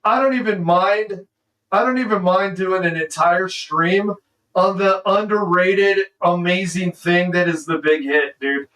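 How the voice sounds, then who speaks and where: High-pitched guy streamer gushing over a movie, says dude nonstop, a bit far from the mic. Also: measured pace. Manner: excitable, says "dude" constantly. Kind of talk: casual movie reaction commentary.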